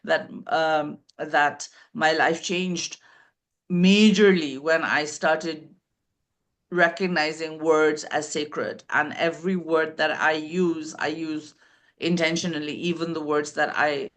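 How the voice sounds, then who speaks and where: A woman co-hosting a spiritual podcast conversation, talking in a deliberate way and pausing often with fillers. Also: low voice, steady tone, fairly bright tone. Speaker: podcast co-host.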